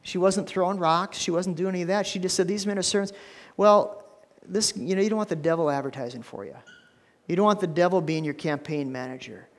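A male pastor preaching a sermon in a church, telling stories with animated energy and stammered restarts. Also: high voice, fairly quick, big-room sound.

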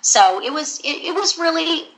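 A woman's voice: high-pitched, expressive, normal speed, fairly bright tone, poor audio. A woman voice actor, a guest in an interview, telling candid, rambling stories about her career.

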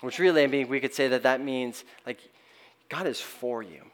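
A middle-aged man preaching a sermon at a middle pitch. He talks in an earnest, halting way, restarts his phrases often, and lets the ends of his lines fall away softly. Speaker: pastor.

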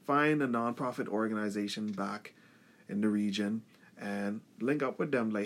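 A man's voice: on the low side, normal speed. A man in a casual podcast chat who talks persuasively and lays out plans.

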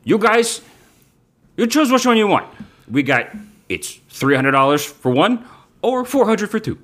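A brash street dealer, as a man puts him on, talks in a strained high register and swings his pitch around. He's overfamiliar and pushy, swearing freely while pitching his goods in a tabletop game. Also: big pitch swings, measured pace, fairly bright tone, full character voice. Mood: salesy.

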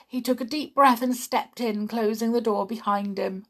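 A woman reading a children's story aloud, dramatic and expressive, swinging from hushed whispers to loud cries. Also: fairly high pitch, measured pace, few pauses. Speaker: audiobook reader.

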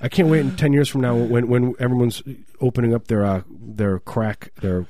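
A man's voice: mid-range voice, fairly even intonation, moderate pace, mellow, no echo. A man co-hosting a podcast, riffing through casual comedic banter and putting on mock voices. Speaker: podcast co-host.

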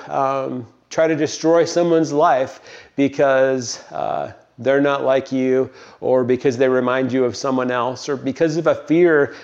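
An older man from Colorado gives a meandering, unhurried devotional talk and prayer, with frequent pauses. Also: a little high, a little mellow. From Colorado, United States. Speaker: Christian speaker. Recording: dull, lo-fi recording.

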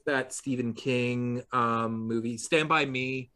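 A man's voice: mid-range voice, steady tone, takes it slowly, bright, forceful tone, clear, resonant tone. Rambling middle-aged man telling stories. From New York, Long Island. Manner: rambling anecdotes with many fillers and restarts, laughing through punchlines. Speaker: podcast host. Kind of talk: casual conversation.

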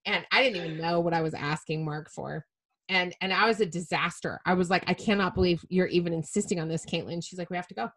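A middle-aged woman telling a personal story as a podcast guest, animated and self-mocking, swearing casually. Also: lowish voice, fast talker.

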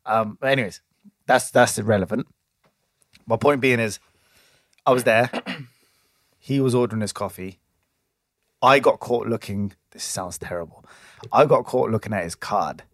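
A man's voice: mid-range voice, moderate pace, long pauses, no room sound, clean studio sound. A man in his twenties, chatting casually as a podcast co-host and telling a long story full of restarts and fillers. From England. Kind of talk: casual chat.

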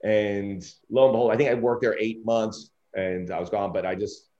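Middle-aged male broadcaster as a podcast guest, low voice on dull lo-fi audio, animated storyteller. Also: normal speed. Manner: animated anecdotes, acting out quoted dialogue. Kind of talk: candid interview storytelling.

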